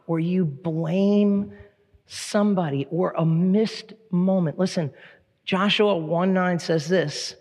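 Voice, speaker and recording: A man preaching a sermon, his voice sitting high for a man. He tells stories with animated energy and slips into playful impressions. His words ring out with a long reverb in a church hall. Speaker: pastor.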